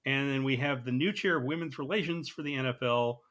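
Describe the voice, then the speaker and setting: A man's voice: mid-range voice, fairly bright tone. A man co-hosting a podcast, chatting casually and laughing often at his own jokes. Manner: quick laughs, jokey asides. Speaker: podcast co-host. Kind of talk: casual chat.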